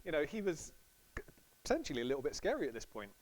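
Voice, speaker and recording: A man's voice: fairly high pitch, wildly swooping pitch, fast, poor audio. A man preaching a sermon in a casual, storytelling way, acting out quotes playfully.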